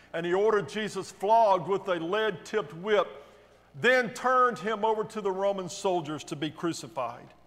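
A man's voice: high voice, fairly bright tone, big-room sound. A male pastor reading a Bible passage aloud during a worship service, raising his voice for the quoted lines. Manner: reads quoted speech with raised, emphatic delivery. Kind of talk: dramatic scripture reading. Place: church sanctuary.

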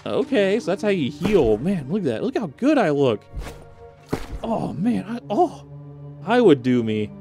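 Excitable man yelling over game music. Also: high-pitched, measured pace. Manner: loud excitable reactions, frequent exclamations and laughter. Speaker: gaming streamer. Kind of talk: excited gameplay commentary.

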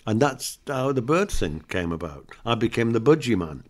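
A man's voice: medium pitch, very animated, moderate pace. An older man, a comedian guest, chatting in an interview and telling anecdotes and jokes with frequent laughs. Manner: chatty storyteller, laughs often, acts out jokes.

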